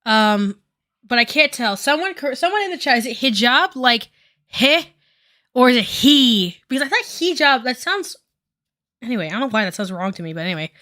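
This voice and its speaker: A woman's voice: fairly high pitch, big pitch swings, fairly quick, sharp tone. A woman giving casual stream commentary while doing her makeup, rambling with lots of fillers and casual swearing.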